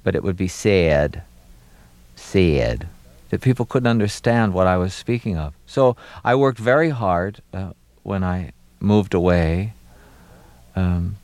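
A middle-aged man from Maryland, an actor being interviewed, talking reflectively with many pauses and fillers and a wry touch. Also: low voice, darkish tone, no room sound. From Maryland, USA.

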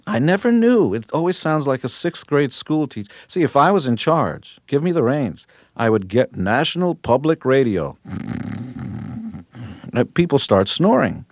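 A man's voice: medium pitch, big pitch swings, moderate pace, no room sound. A man in his fifties, a rock musician guest on a radio interview, talking in a brash, boastful and punchy way from a studio.

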